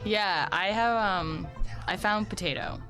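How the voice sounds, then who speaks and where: A woman's voice: mid-range voice, a little slow, fairly bright tone, soft background music. A woman playing a tabletop game who speaks casually and playfully, with hesitant fillers. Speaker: player.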